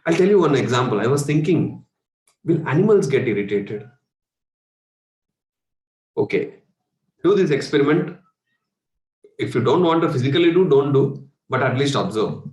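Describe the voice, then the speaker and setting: A man's voice: mid-range voice, lively intonation, normal speed, pauses often, darkish tone. Indian man coaching meditation, echoey room. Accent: Indian English. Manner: conversational, rhetorical questions, chuckles. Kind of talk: spiritual workshop talk.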